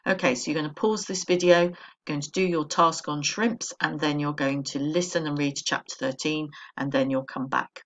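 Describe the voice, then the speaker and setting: A woman primary school teacher with an English accent, giving a recorded remote lesson in a clear, patient, instructive way. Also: sits low, fairly even intonation, moderate pace, a bit bright, slight background noise.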